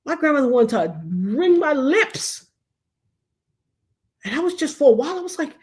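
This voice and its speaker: A woman's voice: high voice, sing-song, normal speed, pauses often, darkish tone. A middle-aged woman, hosting a casual livestream chat and telling stories animatedly, acting out the voices of the people she quotes. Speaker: show host.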